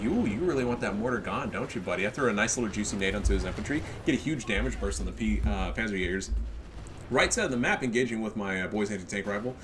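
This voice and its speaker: A man's voice: lowish voice, background noise. A man with a stuffy nose giving casual, profane and cocky commentary on a strategy game match. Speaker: game caster.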